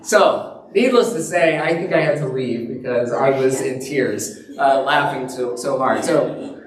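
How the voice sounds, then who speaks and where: Pastor preaching in an echoing church. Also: male voice, medium pitch, measured pace. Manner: conversational storytelling with chuckles. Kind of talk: sermon. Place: church sanctuary. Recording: roomy church sound from a distance.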